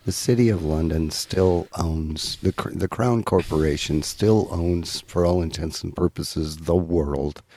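A man's voice: low voice, a little slow, few pauses, warm tone. A man speaking as a guest in a casual podcast chat, assertive and matter-of-fact.

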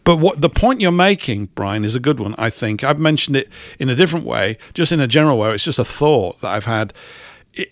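A man hosting a casual talk show from a studio, telling stories in an animated, wry and emphatic way. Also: a little high, no echo. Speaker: radio host. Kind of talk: casual chat.

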